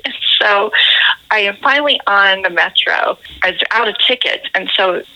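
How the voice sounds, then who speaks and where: A woman in her thirties recounts a story as a podcast guest, her voice very bright and edged with gravelly fry. She talks animatedly and breaks into laughter often. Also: medium pitch, normal speed, low-quality recording. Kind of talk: casual storytelling in a podcast interview.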